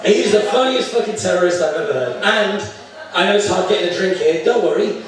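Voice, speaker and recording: A man's voice: sits high, lively intonation, brisk, soft background music. A British man doing a live stand-up comedy set, crude and full of swearing, often restarting his sentences. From Britain. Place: comedy club. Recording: echoey room from far off.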